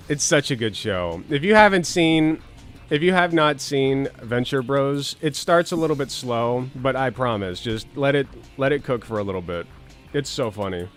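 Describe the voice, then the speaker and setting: A man's voice: medium pitch, animated, moderate pace, faint music behind. A man hosting casual political commentary, rambling with sarcastic, crude jokes and swearing.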